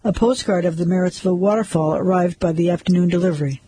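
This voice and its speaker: A male narrator reads a story in a steady, measured voice. His voice is mellow and a little husky, pitched fairly high for a man. The recording is dry and close. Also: dry recording, poor audio. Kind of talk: storybook reading.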